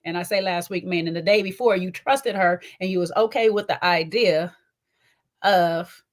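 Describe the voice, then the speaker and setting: Sassy, chatty woman with a low voice. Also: normal speed. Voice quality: slight twang. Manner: chatty and sassy, often tags lines with "okay?" and "child". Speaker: reality TV recap host. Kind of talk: casual commentary.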